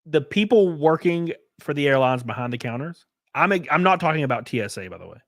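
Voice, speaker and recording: A man's voice: on the high side, expressive, a little fast, a bit bright, dry recording, clean studio sound. A man hosting his livestream, ranting casually and profanely while mimicking people in mocking voices. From United States. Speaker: streamer host.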